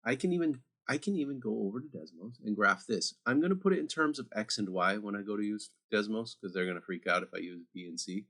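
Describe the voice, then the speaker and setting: A man's voice: fairly low pitch, fast, few pauses, fairly bright tone. A man teaching math over a screen recording, chatty and talking straight to his students with little asides.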